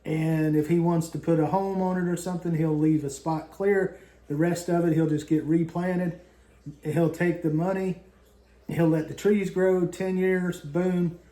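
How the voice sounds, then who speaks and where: A man's voice: fairly high pitch, little pitch movement, measured pace, mellow, reverberant. A man in his fifties from southern West Virginia, chatting casually on a vlog in a rambling, folksy storytelling way. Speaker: vlog co-host. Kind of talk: casual chat.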